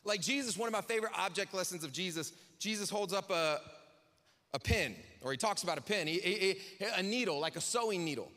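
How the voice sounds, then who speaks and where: A man delivers a sermon in a relaxed, conversational way, tossing off jokes to his listeners between points. His voice sits high and bright. A long reverb from a large hall trails each phrase. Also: brisk. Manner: casual, chatty preaching with jokey asides. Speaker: pastor.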